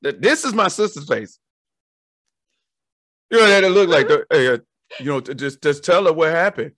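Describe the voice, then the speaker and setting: A man's voice: on the high side, normal speed, no echo, studio quality. A man, telling a funny childhood story in casual chat, laughing and acting out voices. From Southern United States. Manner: animated, laughing storyteller who acts out voices.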